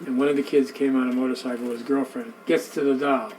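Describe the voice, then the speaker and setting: A man telling a tale during a museum tour, speaking in an animated, conversational way. He repeats himself as he builds the story and acts out the voices of the people in it. A faint background hiss sits under the recording. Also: mid-range voice, fast, hardly any pauses, rough recording. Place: indoor museum room.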